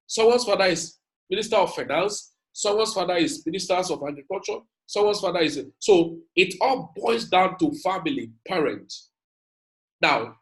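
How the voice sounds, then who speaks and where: A man's voice: sits high, fairly bright tone, poor audio. A man giving an emphatic motivational lecture, repeating his points and calling out to his audience. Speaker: speaker.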